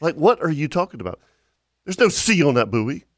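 A fairly high-voiced man hosting a casual fishing podcast, recorded close and dry. He rambles through stories, repeating words and laughing as he goes. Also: sing-song, a little fast, fairly bright tone, no room sound. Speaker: podcast host. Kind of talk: casual storytelling chat.

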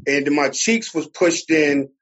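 A man with a New Jersey accent, a podcast guest telling his story in a relaxed, casual way. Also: on the high side, measured pace, husky, dull audio. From Newark, New Jersey. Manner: relaxed storyteller, fillers and laughs. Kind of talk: casual conversation.

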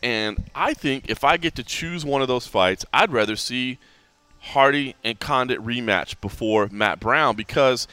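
A man hosting a podcast, chatting casually about fights, animated and full of restarts. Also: mid-range voice, smooth, no echo. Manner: animated, talks fast with many restarts. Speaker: podcast host. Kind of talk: casual sports chat.

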